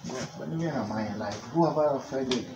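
A man's voice: mid-range voice, moderate pace, loud music behind the voice, natural voice. A man playing a despairing husband, echoey. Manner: pleading, despairing. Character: hardworking husband, young adult man, despairing. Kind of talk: low-budget movie acting.

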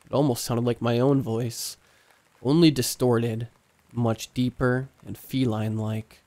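A man narrating a scripted horror story in a hushed, suspenseful way. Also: mid-range voice, steady tone, unhurried.

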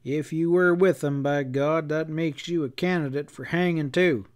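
Grim posse boss out west, read by a man, blunt and threatening, folksy talk, voice a bit on the high side. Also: fairly even intonation, moderate pace, clear, resonant tone, lightly acted. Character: grim angry man leading a frontier posse.

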